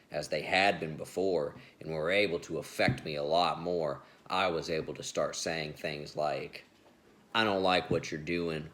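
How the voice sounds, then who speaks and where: A man's voice: very deep voice, fairly bright tone. An adult man telling a story in a casual, rambling monologue, laughing often and restarting sentences as he hosts his show.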